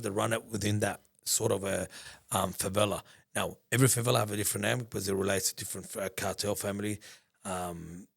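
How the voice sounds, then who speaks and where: A man telling a story in a casual interview, rambling and animated, acting out conversations and swearing freely. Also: on the low side, creaky. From Australia. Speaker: business founder, guest.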